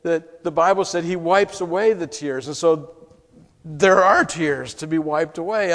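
A male pastor preaching an emotional first-person story, heartfelt, going from hushed to exclaiming, in a church sanctuary. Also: high voice. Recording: long hall reverb.

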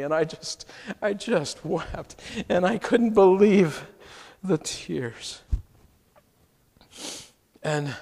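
A male pastor preaching an emotional first-person story, heartfelt, going from hushed to exclaiming, in a church sanctuary. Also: a little high. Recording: long hall reverb.

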